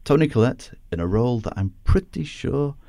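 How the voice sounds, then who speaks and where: A man's voice: medium pitch, lively intonation, fairly quick, gravelly, dark tone, no room sound, studio quality. A man hosting a film review podcast, chatting casually and laughing often as he talks. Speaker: podcast host.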